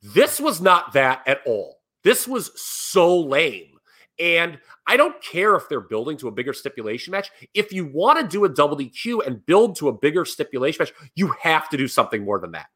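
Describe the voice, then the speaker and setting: A man on a casual podcast, talking in an animated, critical rant. His pitch leaps around widely and his voice is bright and forceful. He stresses words hard and swears freely. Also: moderate pace. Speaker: podcast co-host. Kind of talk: casual wrestling podcast chat.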